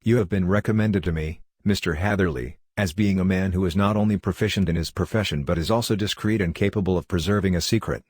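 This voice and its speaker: Secretive, insistent middle-aged colonel, read by a man in a low, dry voice. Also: quick pace, hardly any pauses, a little mellow, no echo. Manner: insistent, probing.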